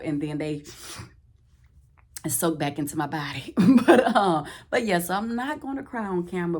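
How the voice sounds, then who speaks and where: A woman chats to the camera, and her slightly low voice leaps up high whenever she acts out someone else's words. She laughs often and keeps the story moving in lively, casual bursts. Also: normal speed. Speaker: vlogger. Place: Houston, Texas.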